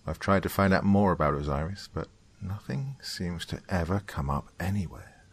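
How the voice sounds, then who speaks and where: Deep-voiced man narrating a dark tale. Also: normal speed, breathy edge. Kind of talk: scripted horror story narration.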